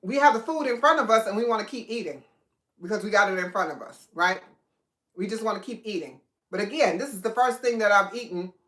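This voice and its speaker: A woman hosts a casual livestream while eating, chatting freely, reading out viewers' comments and laughing often. Her voice is mid-range with a fairly bright tone, picked up by a device in an echoey room rather than a microphone.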